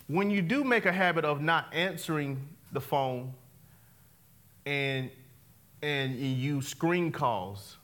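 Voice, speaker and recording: High, bright-voiced preacher man. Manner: call-and-response, laughing often, swings from loud to hushed. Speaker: pastor. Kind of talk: interactive sermon.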